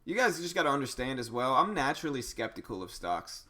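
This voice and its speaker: A man's voice: medium pitch, fast. Chatty man hosting a trading stream. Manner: relaxed, chatty, with frequent restarts and fillers. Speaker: day-trading livestream host. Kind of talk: casual live-stream chat.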